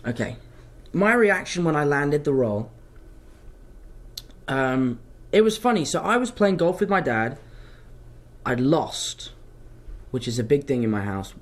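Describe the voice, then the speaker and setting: A young man, an actor answering fan questions in a casual live chat, telling stories in an animated, self-mocking way. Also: on the high side, a little slow, pauses often.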